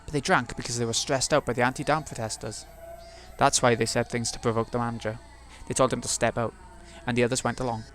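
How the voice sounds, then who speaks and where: A man's voice: mid-range voice, level tone, fast talker, fairly bright tone, a little hiss or hum. Man reading a visual novel aloud. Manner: reads narration steadily, muttering asides to himself between passages. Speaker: let's play host.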